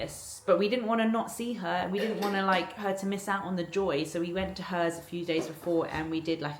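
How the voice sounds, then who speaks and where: Chatty woman in echoey kitchen. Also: fairly low pitch. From London. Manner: chatty, bubbly, rambling with restarts. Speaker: vlogger. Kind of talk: casual chat vlog. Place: home kitchen. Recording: echoey kitchen with background noise. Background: cooking sounds.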